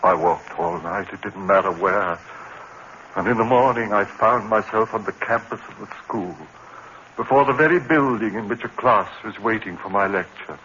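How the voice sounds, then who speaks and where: A haunted professor in an old radio-style drama; low, hushed, brooding first-person narration on a dull, faintly hissing recording. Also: male voice, moderate pace. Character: haunted male professor, tense and bewildered. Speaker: university lecturer. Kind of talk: 1950s broadcast drama narration. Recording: muffled old broadcast recording, faint hiss.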